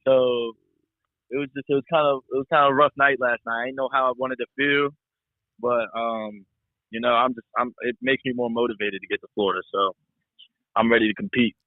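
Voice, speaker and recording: A man's voice: mid-range voice, steady tone, brisk, no room sound. Laid-back young man on a tinny phone. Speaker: guest. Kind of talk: casual chat over the phone.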